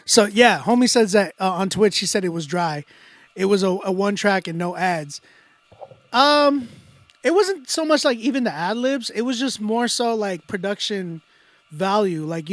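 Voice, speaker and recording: A man's voice: sits high, expressive, normal speed, fairly bright tone. A man who is a music producer and engineer, giving loose, filler-heavy feedback on a live stream. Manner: loose, conversational, many fillers and restarts. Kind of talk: casual livestream critique. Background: beat playing in the background.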